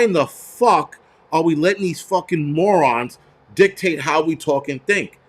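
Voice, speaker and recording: A man's voice: fairly high pitch, moderate pace. A man hosting a show, ranting heatedly with lots of swearing and stumbling restarts. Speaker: host. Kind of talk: profane ranting commentary.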